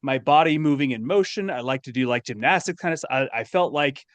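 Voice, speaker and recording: A man's voice: medium pitch, a little fast, no room sound. Wry man guest on a dry mic. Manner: wry, self-deprecating, literal-minded humor. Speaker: podcast guest, accountant. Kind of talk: casual podcast chat.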